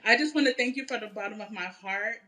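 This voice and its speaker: Bright-voiced, hesitant woman guest. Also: mid-range voice, fast talker. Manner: hesitant, many fillers. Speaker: talk show guest. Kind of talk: talk show conversation. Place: TV studio.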